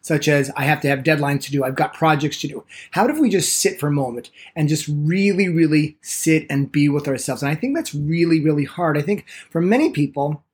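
On a podcast, an enthusiastic man gives a meditation lesson, his pace quickening whenever excitement takes hold. He uses a lively pitch and plays out the excuses people typically give.

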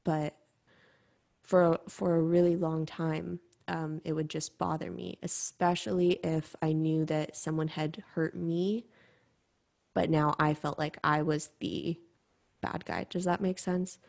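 A young woman hosting a podcast, talking candidly and reflectively in a halting personal monologue. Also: deep voice, level tone, gravelly, a little mellow. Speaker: podcast host.

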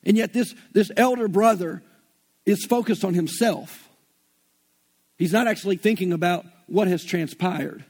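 A man's voice: high-pitched, measured pace, darkish tone. A man with a Southern US accent preaching an earnest, folksy sermon and retelling scripture in everyday slang. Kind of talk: conversational sermon.

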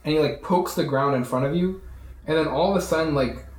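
A man's voice: on the high side, brisk. A young man narrating as game master, rambling with many fillers, recorded in an echoey room.

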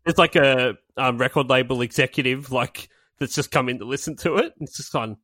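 A man's voice: medium pitch, fairly quick, bright, forceful tone, dry recording, clean studio sound. A man co-hosting a comedy podcast, swearing freely and laughing often between jokes. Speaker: podcast co-host. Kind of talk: crude comedic banter.

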